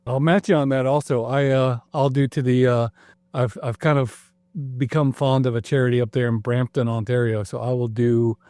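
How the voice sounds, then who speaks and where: A man's voice: medium pitch, fairly even intonation, normal speed, darkish tone, dry recording. A man guesting on a casual podcast, friendly and reflective with a dry sense of humor. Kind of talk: casual chat.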